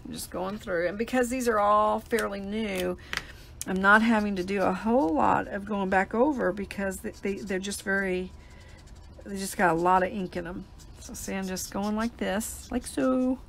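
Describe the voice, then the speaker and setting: Chatty woman with vocal fry. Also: mid-range voice, fairly even intonation, normal speed, a bit bright, slight background noise. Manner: chatty, explains each step as she works. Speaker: paper crafting host. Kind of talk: live crafting demonstration.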